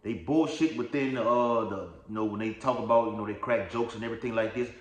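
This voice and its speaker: A man preaching informally, with a fairly low voice and a loose, rambling delivery, often checking in with his listeners. He stops to read verses aloud. The room around him sounds echoey. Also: brisk. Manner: rambling, repeats "all right?" and "okay?", reads scripture aloud. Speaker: lay preacher. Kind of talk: informal religious teaching video.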